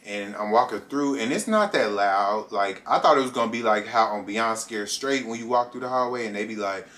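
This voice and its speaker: A young man tells a casual storytime to his viewers in a slightly low voice. He is animated and acts out his own reactions. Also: a little fast. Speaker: vlogger.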